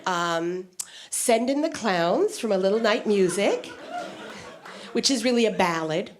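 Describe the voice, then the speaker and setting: A woman performing a stand-up set, telling stories in an animated way with sudden high squeals, on stage with a handheld mic. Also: measured pace. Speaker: stand-up comedian. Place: stage before a live audience.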